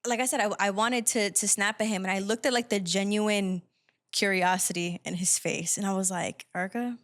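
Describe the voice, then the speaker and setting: A woman hosting a casual podcast, chatting in an animated, storytelling way. Her pitch sits in the middle of the range, and "like" fillers crop up all through her talk. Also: normal speed. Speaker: podcast host.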